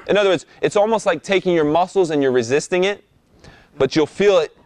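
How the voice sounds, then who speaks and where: A man's voice: on the high side, lively intonation, fast talker, dry recording. A young man giving a casual lesson on breath and voice for rapping, often checking in with "okay?" and demonstrating sounds. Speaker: rap vocal instructor. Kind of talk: instructional talk.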